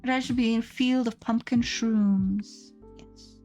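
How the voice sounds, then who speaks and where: A woman's voice: fairly high pitch, fairly even intonation, slow pace, a little mellow, soft background music. A woman streamer chatting casually and playfully with her live chat, giggling often and reading messages aloud.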